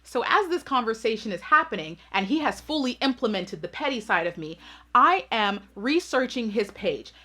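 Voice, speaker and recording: Sassy woman ranting through a storytime, bright punchy voice, keeps going "right?". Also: fairly high pitch, animated, normal speed. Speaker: channel host. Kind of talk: storytime vlog.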